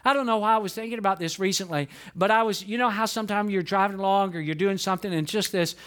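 A high-pitched man preaching a sermon as a pastor. He tells stories with lively bursts of feeling, then drops to soft, earnest asides. He sounds middle-aged. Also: quick pace. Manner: storytelling, swings from animated outbursts to hushed earnest tones.

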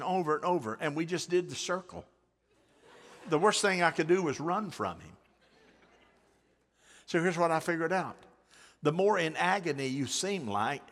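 A man preaching a sermon with emphatic, stretched-out words and quieter storytelling asides. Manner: emphatic, stretches key words slowly, drops to a low aside for stories. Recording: hall reverb.

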